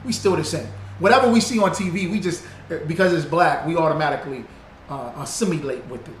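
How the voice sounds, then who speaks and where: Talking fast in a fairly high-pitched voice, a livestream host reads viewer comments and welcomes people by name. His instruction is informal and repetitive, driving points home, and the audio carries a roomy echo with faint background noise.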